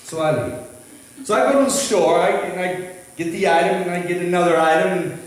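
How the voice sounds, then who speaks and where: High-voiced man telling a story from the pulpit. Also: brisk. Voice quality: animated, rambling storyteller with many restarts. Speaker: pastor. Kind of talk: storytelling sermon. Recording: echoey hall from far off.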